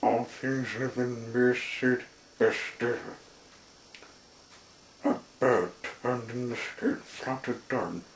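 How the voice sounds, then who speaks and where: A man reads a storybook aloud at an extremely slow, deliberate pace, his voice gravelly with fry. The sound is roomy and echoey, with faint noise underneath. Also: medium pitch.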